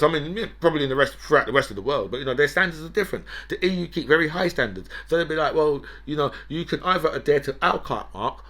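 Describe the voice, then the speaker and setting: A man's voice: on the high side, fairly bright tone. A man hosting a political commentary show, ranting in a mocking, profane, gloating way.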